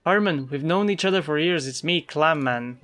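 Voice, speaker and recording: A woman's voice: deep voice, lively intonation, normal speed, fairly bright tone. A woman voicing game dialogue for a polite, dry-spoken male hero. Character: mild, polite male underwater office hero.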